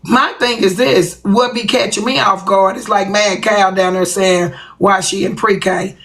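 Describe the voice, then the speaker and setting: A woman's voice: medium pitch, steady tone, a little slow, fairly bright tone. A woman hosting a livestream, talking bluntly and profanely to her viewers in a confrontational rant. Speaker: livestream host.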